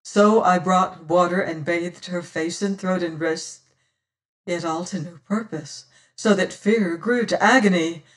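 An unhurried, dramatic first-person audiobook reading is given by a narrator with a mid-pitched voice. Loud swells mark the exclamations, hushed tones carry the quiet parts, and the mic sits at a distance.

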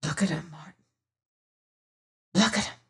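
A reader voicing a shrewd, whimsical old sea rover who speaks in archaic seafaring talk and sometimes drops to a hush, heard from a distant mic. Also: mid-range voice, slow pace, lightly acted. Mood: awed whisper. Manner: archaic seafaring speech, hushed at times. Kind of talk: audiobook character reading.

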